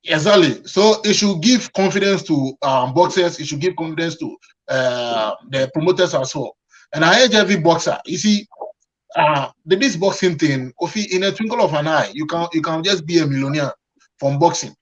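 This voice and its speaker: A man's voice: fairly high pitch, normal speed. Male panelist, agreeable and advising, muffled lo-fi sound. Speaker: boxing panelist. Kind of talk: panel discussion on boxing.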